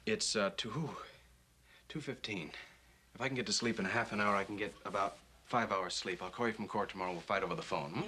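An actor playing a young lawyer husband in a 1960s film comedy, dry and teasing. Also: male voice, fairly low pitch, brisk, sharp tone, slight background noise. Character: dry, unflappable young newlywed lawyer, man.

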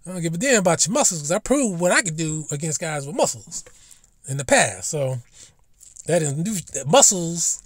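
A man's voice: a little high, sing-song, moderate pace, no echo, studio quality. A man ranting bluntly and profanely in a casual vlog monologue, recorded in a car. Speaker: vlogger.

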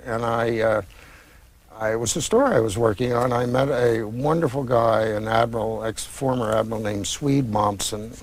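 An author in his sixties answers questions at an easy, wandering pace. He stops and restarts often as he recalls names and dates, filling gaps with soft hesitations. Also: mid-range voice. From United States. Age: 60s. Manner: reflective, meandering with many pauses and restarts. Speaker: author interviewed about his books. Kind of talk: conversational interview.

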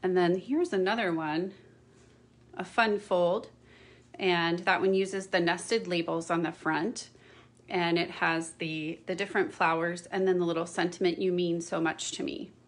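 A woman's voice: fairly low pitch, steady tone, unhurried. A middle-aged woman chatting through a card-making tutorial, with apologetic asides and frequent "okay?" check-ins. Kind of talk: casual craft tutorial.

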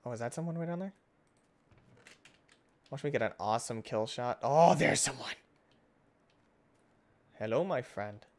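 Excitable man narrating his gameplay. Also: medium pitch, unhurried, long pauses. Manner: excitable, jumps between loud outbursts and hushed muttering. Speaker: gaming channel host. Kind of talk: casual let's-play commentary.

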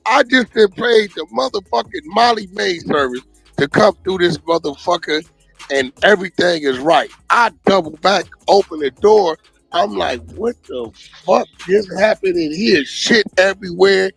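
A man's voice: high voice, animated, normal speed, gravelly, fairly bright tone, slightly rough, no echo, soft background music, low-quality recording. A man in a heated, profane livestream argument, confrontational and threatening. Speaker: music manager on a livestream.

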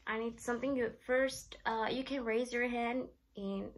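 Woman ESL teacher; slow, repeats phrases for learners; slightly high pitch. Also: fairly even intonation, poor audio. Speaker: English teacher. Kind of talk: classroom language lesson.

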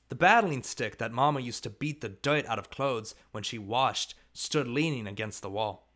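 A man narrating an audiobook in a steady, measured storytelling voice. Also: medium pitch. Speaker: audiobook reader.

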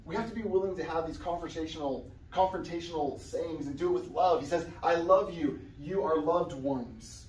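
A man's voice: on the high side, normal speed, few pauses, a little hiss or hum. Man preaching casually in an echoey church. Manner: casual, conversational preaching with sudden loud outbursts. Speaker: guest preacher. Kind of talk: sermon. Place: church sanctuary. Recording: echoey church room, somewhat far from the mic.

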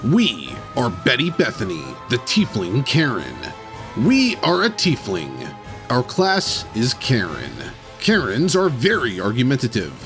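A man's voice: mid-range voice, huge pitch swings, unhurried, over music. A man casually announcing the party's character in a matter-of-fact way.

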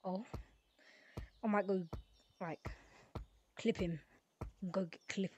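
A woman's voice: medium pitch, steady tone, slow pace, darkish tone, slight background noise. A woman giving casual, reactive commentary while playing a game, often talking to herself. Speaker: gaming creator. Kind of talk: live gameplay commentary.

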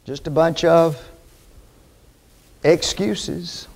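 High-voiced man preaching a sermon. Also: animated, a little slow. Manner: emphatic, rhetorical questions to the congregation.

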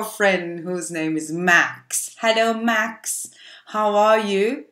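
Woman teacher doing phonics for little kids, super slow drawn out sounds, echoey room. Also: medium pitch, little pitch movement. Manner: drawn-out letter sounds, gentle storytelling. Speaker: preschool teacher. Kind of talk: phonics lesson for young children.

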